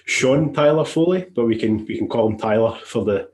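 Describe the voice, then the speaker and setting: Lively Scottish man hosting a podcast. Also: mid-range voice, a little fast. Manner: friendly, laughs often. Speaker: podcast host. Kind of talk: casual interview chat.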